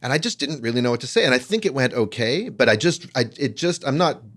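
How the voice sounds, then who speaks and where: A man's voice: mid-range voice, expressive, fast talker, a bit bright. A man co-hosting a podcast, talking in a wry, reflective, self-deprecating way. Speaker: podcast co-host. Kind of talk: casual conversational podcast talk.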